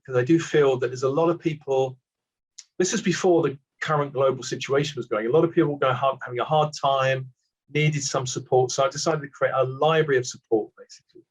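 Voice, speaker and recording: Older british guy, husky voice, muffled lo-fi sound, chatty and self-deprecating. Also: mid-range voice. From Britain. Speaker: award recipient guest. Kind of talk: reflective casual conversation. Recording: dull muffled lo-fi audio.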